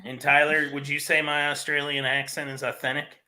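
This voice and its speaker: A man chatting as a guest on a livestream, cracking deadpan jokes. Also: fairly high pitch, brisk. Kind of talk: casual chat.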